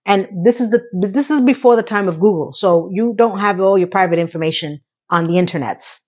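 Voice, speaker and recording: A woman's voice: medium pitch, a little fast, a little mellow. A middle-aged woman recapping a TV episode in a casual vlog, chatty and sarcastic, with plenty of offhand asides. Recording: slightly dull lo-fi audio.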